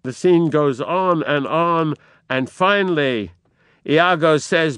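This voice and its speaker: Man lecturing on shakespeare, slow dramatic narration, dry close sound. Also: a little high, fairly bright tone, smooth, no echo. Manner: dramatic, emphatic narration woven with quoted verse. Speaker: literature lecturer.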